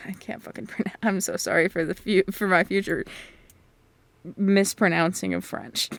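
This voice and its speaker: A woman's voice: mid-range voice, fairly even intonation, moderate pace, vocal fry, no room sound. A woman reading a novel aloud casually, chatty and swearing, often tripping over words and starting again. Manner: chatty, swears, stumbles and restarts. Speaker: podcast host reading aloud. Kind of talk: casual book reading with commentary.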